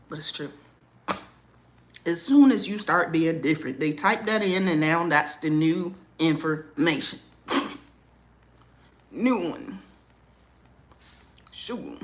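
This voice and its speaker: Lively woman chatting on a livestream. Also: deep voice, slow, pauses often. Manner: animated, laughs often, slangy. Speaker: livestream host. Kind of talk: casual livestream chat.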